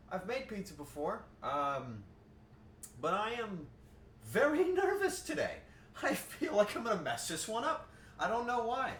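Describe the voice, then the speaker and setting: A man talks casually to his viewers while cooking, rambling through jokes and swearing offhandedly. His voice is bright and swings widely in pitch. It is caught from across an echoey home kitchen. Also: distant mic, slight background noise. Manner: rambling, jokey, quick to laugh. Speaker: streamer cooking live. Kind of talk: casual live-stream chat.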